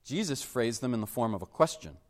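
A man preaching a sermon, emphatic and animated, dropping suddenly to a hush for weight. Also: mid-range voice, brisk, long reverb tail. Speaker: pastor.

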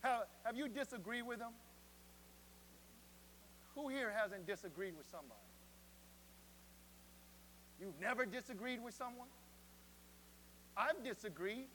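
A man's voice: high-pitched, measured pace, a bit bright, slight background noise, poor audio. A man in his forties preaching a sermon as pastor, with emphatic declarations that rise and repeat.

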